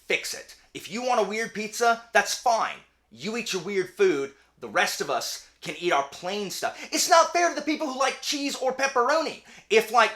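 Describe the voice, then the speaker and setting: Young male host, casual and animated, bright voice, prone to rants. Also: sits high. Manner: animated, ranting, quick asides. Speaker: channel host; teacher. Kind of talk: casual chat.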